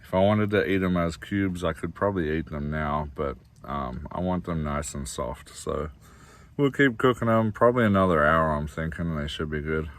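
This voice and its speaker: A man's voice: extremely low pitch, expressive, moderate pace, fairly bright tone. An Australian man from Australia casually vlogging his cooking inside a camper van, rambling along with lots of fillers and calling his viewers guys.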